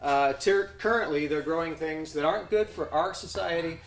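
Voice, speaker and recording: A man improvising a comic business pitch, hesitant and full of fillers, often chuckling at himself. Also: normal speed. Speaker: pitch presenter. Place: event room. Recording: echoey room with background noise.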